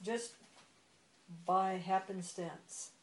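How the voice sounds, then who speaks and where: A woman's voice: medium pitch, very slow, roomy sound, slight background noise. A woman teaching spiritual philosophy, explaining patiently with examples and checking that she is understood. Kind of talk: explanatory discussion.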